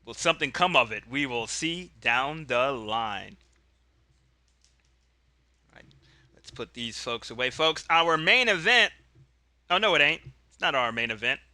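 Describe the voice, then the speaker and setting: A man's voice: medium pitch, animated, unhurried, long pauses, pushed and bright, dry recording. A man narrating a solo tabletop wrestling game in a rambling, cheerful way, often correcting himself.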